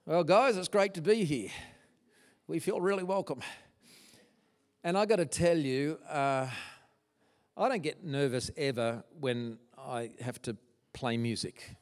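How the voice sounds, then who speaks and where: A man's voice: a little high, unhurried, long pauses, a little mellow. Man telling his testimony in a hall. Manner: earnest, stumbling restarts, grows emotional. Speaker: guest speaker. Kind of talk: testimony talk to a church audience. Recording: long hall reverb.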